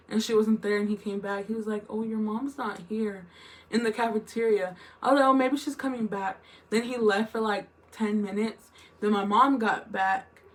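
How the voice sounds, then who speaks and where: A young woman telling a long, emotional story in a rambling vlog style, full of fillers and restarts. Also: mid-range voice. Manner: rambling, emotional retelling with lots of "like" and "literally". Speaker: vlogger.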